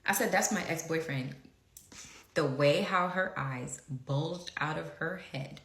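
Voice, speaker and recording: A woman's voice: on the low side, sharp tone, reverberant. A young woman telling a story in a casual way, blunt and profane, laughing often and acting out what others said.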